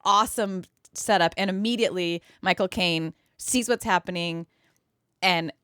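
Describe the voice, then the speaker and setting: A woman's voice: fairly low pitch, moderate pace, sharp tone, clear, resonant tone, no echo, clean studio sound. A woman guest in casual podcast chat, talking with enthusiasm in rambling, filler-heavy sentences.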